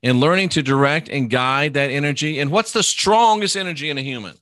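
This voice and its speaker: A man hosting a live podcast, reading viewer comments and answering questions in an unhurried, conversational way, often trailing off softly at the ends of phrases. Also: on the high side, dry recording, clean studio sound. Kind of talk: casual live podcast chat.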